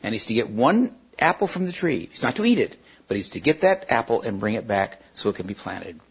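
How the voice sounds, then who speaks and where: A man retelling and reading a children's novel aloud in a plain, somewhat halting way. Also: lowish voice, very animated, slightly rough. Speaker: storyteller. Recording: dull lo-fi recording.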